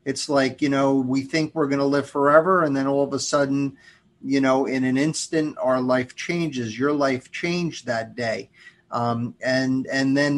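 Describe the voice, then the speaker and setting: A man hosting a studio interview, speaking in a measured way with frequent pauses and restarts. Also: mid-range voice. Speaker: podcast host. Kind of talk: interview conversation.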